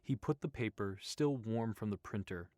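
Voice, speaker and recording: A man narrating an audiobook in a steady, even storytelling manner. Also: lowish voice, moderate pace, dry recording.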